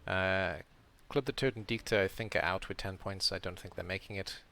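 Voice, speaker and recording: A man's voice: low-pitched, brisk, creaky, bright, forceful tone, slight background noise. A man streaming a casual round-up of his game league as host, rambling and correcting himself as he thinks aloud.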